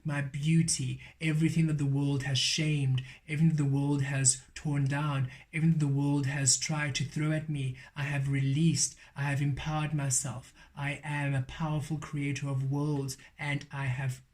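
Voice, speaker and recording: A man's voice: a little high, flat delivery, moderate pace, hardly any pauses, darkish tone. A man giving a spiritual tarot card reading, emphatic and repeating his affirmations. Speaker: tarot reader.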